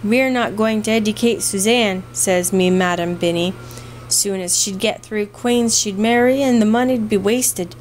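A woman's voice: medium pitch, unhurried, a little hiss or hum, lightly acted, rough recording. A woman voicing a fond, scolding old housekeeper with an Irish brogue, read in a storybook. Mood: coaxing.

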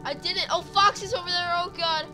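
A woman's voice: very high-pitched, steady tone, a little fast, sharp tone, faint music behind. A woman hosting a gaming channel, joking with a friend and blurting exclamations while playing. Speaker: channel host. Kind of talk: casual gaming commentary.

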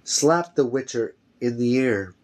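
A man's voice: medium pitch, animated, darkish tone. A man reading a fantasy novel aloud, carefully, often restarting a phrase. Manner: slow, careful, with frequent restarts. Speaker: reader.

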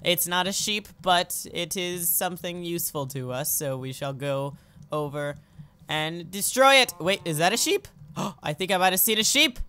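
A young adult let's play host giving goofy, excitable commentary over gameplay, often breaking into squeals. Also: mid-range voice, moderate pace, clear, resonant tone.

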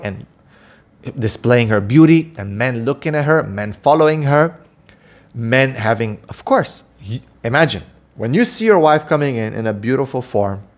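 A man giving an impassioned preaching monologue as an Islamic preacher, scolding his listeners and firing off rhetorical questions. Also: medium pitch.

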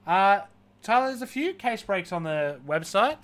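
A man's voice: sits high, big pitch swings, moderate pace, a bit bright. A man hosting a live card-breaking stream, listing player names one after another and dropping joking asides.

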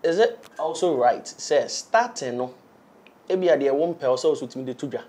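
A man's voice: fairly high pitch, expressive, normal speed, a little mellow. A man with a Ghanaian accent talking on a podcast panel, mixing English and Twi in a rambling way. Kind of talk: casual panel discussion.

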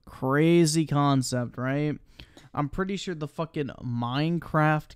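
A man's voice: a little high, slow pace, clean tone, no echo, studio quality. A man reacting live to a commentary video, blunt, scornful and swearing constantly. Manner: blunt, scornful and heavily profane.

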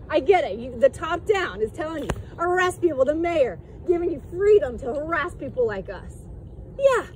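Woman, very high voice, angry shouting, sore throat, outdoors in a park, phone recording. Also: a little hiss or hum. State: voice getting sore from yelling. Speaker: mother filming a police encounter. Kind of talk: heated confrontation.

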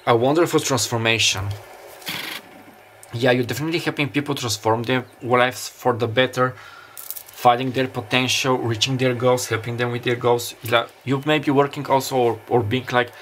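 Speaking in a mid-range, slightly bright voice with fairly even intonation, a man gives a thoughtful, faltering pick-a-card tarot reading full of fillers and restarts. Quiet summer beach ambience and some slight noise are heard behind.

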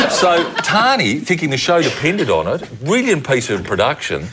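A man telling a lively anecdote on a comedy panel, laughing through his punchlines. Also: mid-range voice, a little fast. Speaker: panel guest. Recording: noisy TV studio audio.

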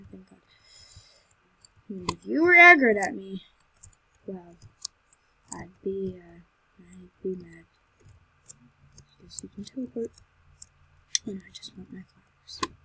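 A woman giving chatty commentary as she plays a game, excitable and talking to herself, with sudden loud, high outbursts. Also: slow pace, gravelly, long pauses, slight background noise, rough recording. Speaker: Minecraft let's player. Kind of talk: gameplay commentary.

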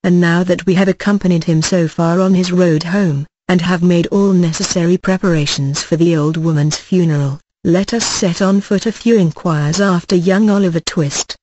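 An audiobook narrator reading a classic novel in a measured, formal way. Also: mid-range voice, steady tone, a little mellow, slight background noise, low-quality recording.

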